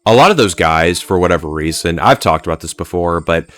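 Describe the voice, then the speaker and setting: This pop culture commentator has a deep, expressive, fairly bright voice and a brisk pace. His solo video commentary is rambling and profane, packed with "like" and "uh."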